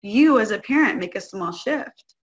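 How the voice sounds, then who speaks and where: A woman's voice: mid-range voice, normal speed. A woman guest-hosting a parenting talk, speaking conversationally and often checking in with the listener. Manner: conversational, keeps checking in with "right?"; acts out quoted parents and kids in lively voices. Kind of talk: casual teaching talk to an audience.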